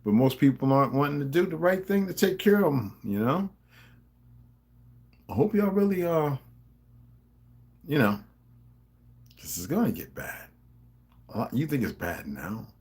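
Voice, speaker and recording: A man's voice: mid-range voice, sing-song, a little slow, pauses often, darkish tone, breathy edge. A middle-aged man with a New Jersey accent, talking to his subscribers in a rambling, profane, confrontational monologue. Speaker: vlogger.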